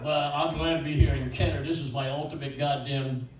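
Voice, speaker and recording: A man's voice: medium pitch, fairly even intonation, fairly quick. An older man doing rambling, crude stand-up comedy at an open mic in a small bakery, jumping between one-liners. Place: small bakery venue with few people. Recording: roomy echo from a distant mic, faint ambience.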